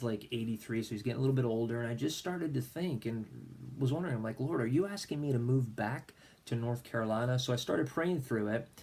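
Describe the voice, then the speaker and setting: Middle-aged guy, minister vibe, earnest storytelling, voices his own prayers, medium pitch. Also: a little mellow. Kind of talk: personal faith testimony vlog.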